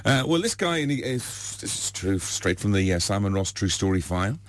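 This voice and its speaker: A man's voice: low-pitched, sing-song, fairly quick, dry recording. A man telling long jokes, passed off as true stories, in a rambling way full of fillers. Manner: rambling, filler-heavy, chuckling. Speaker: joke teller.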